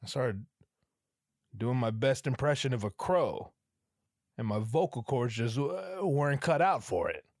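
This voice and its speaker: Hoarse, profane podcast host rambling. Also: male voice, medium pitch, expressive, a little slow, long pauses, darkish tone, no echo, studio quality. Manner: profane, rambling, sarcastic storytelling. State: hoarse, strained throat. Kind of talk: casual comedic monologue.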